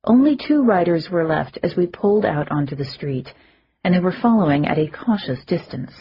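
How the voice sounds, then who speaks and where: A woman's voice: moderate pace, a little hiss or hum. Woman reading an urban fantasy audiobook. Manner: lively first-person reading, pitching up for shouted lines. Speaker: audiobook narrator. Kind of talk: audiobook narration with character voices. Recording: muffled lo-fi audio.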